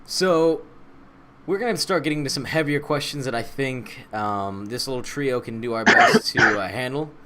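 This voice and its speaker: A man hosting a casual podcast chat, asking questions in a playful, animated way. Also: medium pitch, moderate pace, a little hiss or hum. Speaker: podcast host.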